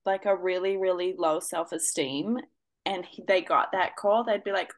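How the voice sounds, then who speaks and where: A woman in casual podcast chat, chiming in with quick remarks and comments about dating. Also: lowish voice, fairly even intonation. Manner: quick reactive remarks, laughing asides. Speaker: podcast co-host.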